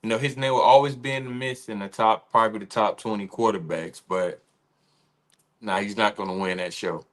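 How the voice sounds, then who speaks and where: A man's voice: fairly low pitch, fairly even intonation, a little fast. A man co-hosting a casual sports chat on a livestream, talking in an assured way. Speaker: co-host.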